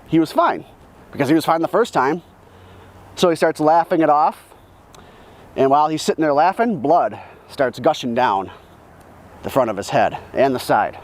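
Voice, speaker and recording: A man's voice: on the high side, darkish tone, slight background noise. A man telling childhood stories in a casual vlog, rambling and profane, correcting himself as he goes, first outdoors and then in his car. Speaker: vlogger.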